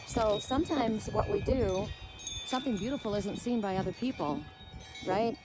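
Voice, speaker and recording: A woman's voice: mid-range voice, lively intonation, normal speed. A woman reading oracle cards who talks through her yard in a rambling, heartfelt way, repeating herself as she goes, with wind chimes behind her. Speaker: oracle card reader. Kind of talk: casual spiritual vlog, showing her yard.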